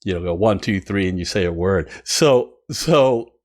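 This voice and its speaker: A man who hosts a music channel, telling a story casually and excitedly, with many fillers and frequent laughter. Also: low-pitched, moderate pace.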